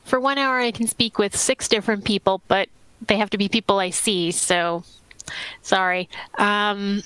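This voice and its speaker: A woman's voice: medium pitch, steady tone, moderate pace, fairly bright tone, smooth, no room sound, low-quality recording. A woman playing a tabletop game, thinking aloud in a hesitant, playful way as she works out her character's moves. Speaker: player. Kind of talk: casual tabletop game play.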